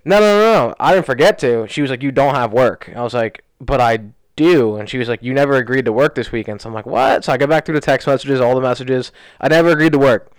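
Fast-talking young man telling a story. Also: mid-range voice, clean tone, no echo. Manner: rambling, fast, lots of "like", animated retelling. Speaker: podcast co-host. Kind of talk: casual storytelling chat. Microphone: studio podcast mic.

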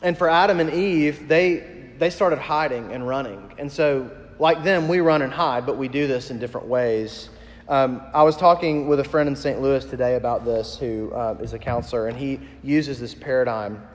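Casual preacher in an echoey hall. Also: male voice, mid-range voice, moderate pace. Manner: conversational, uses many fillers. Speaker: pastor. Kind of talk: sermon.

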